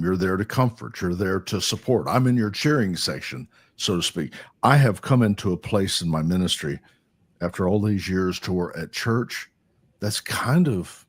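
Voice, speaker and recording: A man's voice: fairly low pitch, slightly rough. A middle-aged man, a pastor hosting an interview, speaking in an affirming, reflective conversational way. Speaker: host and pastor. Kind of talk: casual interview chat.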